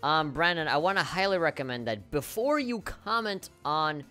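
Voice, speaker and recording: A young man hosting a gaming video, who chats casually, jokes and swears, and reads the game's lines aloud with sudden jumps up in pitch. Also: sing-song, normal speed, sharp tone, faint music behind. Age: young adult. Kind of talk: casual game commentary, reading dialogue aloud.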